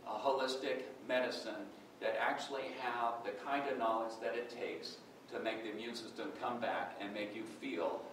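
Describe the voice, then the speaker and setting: A man gives a personal testimony at a workshop in a conversational, storytelling way, slipping into the back-and-forth of remembered dialogue. His voice sits at an everyday middle pitch. It is caught from a distance, with a lot of room echo and faint background noise. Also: fairly bright tone. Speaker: workshop speaker giving a testimony. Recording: echoey room from far off.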